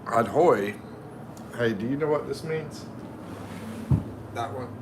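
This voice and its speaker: A middle-aged American man chats slowly and easily on a livestream, greeting viewers by name as he reads their comments. His voice sits at an ordinary pitch, with faint ambient noise in the background. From United States. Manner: slow, friendly, reads viewer names aloud. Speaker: livestream host. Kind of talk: casual livestream chat reading comments.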